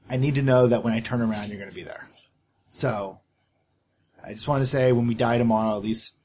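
A man playing a loyal, earnest young male fighter in a tabletop game, speaking in halting, heartfelt bursts. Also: medium pitch, a little hiss or hum, natural voice. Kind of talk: in-character tabletop role-play.

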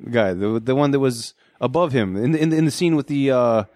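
A man's voice: medium pitch, lively intonation, a little mellow, dry recording. Casual male co-host, stumbling restarts, dry close mic. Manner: rambling, halting restarts. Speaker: podcast co-host. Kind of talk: casual podcast banter.

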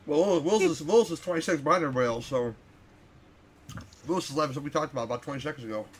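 A man's voice: fairly high pitch, quick pace, breathy edge. A man co-hosting a movie commentary podcast, joking around in casual banter. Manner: joking, mock voices. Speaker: podcast co-host.

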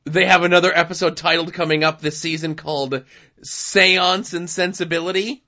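Bright-voiced podcast host. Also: male voice, a little high, level tone, quick pace. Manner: rambling, many fillers, wraps up the show. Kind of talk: casual chat. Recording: dull lo-fi sound.

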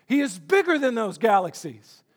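Guy preaching a sermon, pretty high voice for a man, earnest, keeps restarting words. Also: very animated, moderate pace. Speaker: pastor.

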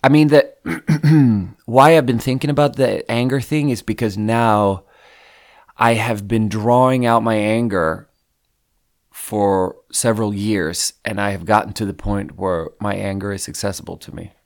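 A man's voice: on the low side, unhurried. A man from Sweden co-hosting a podcast, talking candidly in a rambling, casual way and swearing freely. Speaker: podcast co-host. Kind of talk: casual reflective chat.

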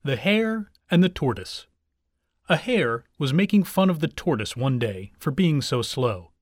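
A man reads old fables aloud in an animated storybook manner. His voice sits somewhat high and moves widely in pitch. The recording is dry and close, with no room sound. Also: a little slow, dry recording. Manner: expressive, animated reading. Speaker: reader. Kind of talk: storybook narration.

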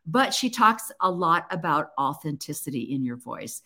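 Podcast lady chatting solo, a bit low-pitched, earnest, keeps restarting her sentences. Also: sing-song, moderate pace, bright, forceful tone. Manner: earnest, encouraging, with frequent restarts. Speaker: podcast host. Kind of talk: casual solo podcast talk.

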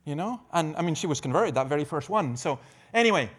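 Middle-aged man, preacher at a conference, higher-pitched, lively storyteller with dry humor who trips over his own words. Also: quick pace, breathy edge. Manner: repeats words while restarting phrases. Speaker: preacher and evangelist. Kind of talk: conference talk on evangelism.

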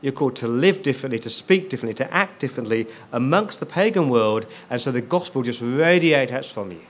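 A man's voice: medium pitch, lively intonation, a little fast. A man preaching a sermon as a pastor, stressing key words and repeating them for emphasis.

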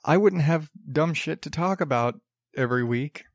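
A man's voice: on the high side, expressive, normal speed, no room sound, studio quality. A man hosting a solo podcast, ranting sarcastically, rambling with frequent restarts. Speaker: podcast host. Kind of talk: casual solo podcast commentary. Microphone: podcast studio mic.

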